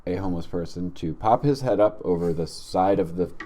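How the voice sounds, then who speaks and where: A man co-hosting a comedy podcast, telling a long story in an animated, deadpan way. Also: deep voice, a little fast. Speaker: podcast co-host.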